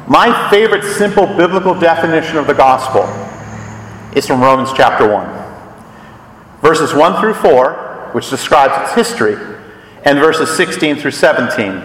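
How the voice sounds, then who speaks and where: A man's voice: fairly high pitch, a bit bright, a little hiss or hum. A man preaching a sermon as pastor, explaining scripture with rhetorical questions and reading verses aloud. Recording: echoey hall, voice from a distance.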